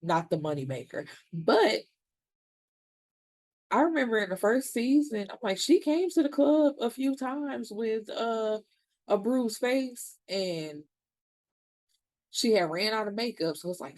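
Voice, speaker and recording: A woman's voice: medium pitch, lively intonation, unhurried, a little mellow, no room sound. A woman casually recapping a TV episode, retelling scenes in quotes with blunt, cursing asides. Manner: chatty, retells scenes in quotes, curses freely. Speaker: TV show reviewer.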